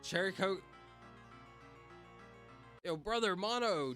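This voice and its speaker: A man's voice: mid-range voice, big pitch swings, moderate pace, long pauses, sharp tone, faint music behind. A young man chatting casually on a livestream, reading out comments and reacting in slang. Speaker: streamer.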